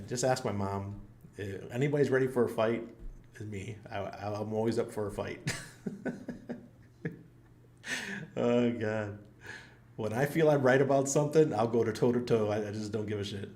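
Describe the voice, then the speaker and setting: A man's voice: on the low side, steady tone, a little slow, pauses often, a little mellow, slight background noise. A man hosting his own channel, rambling through a funny story in a casual, self-mocking way with frequent laughs. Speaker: channel host. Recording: roomy echo.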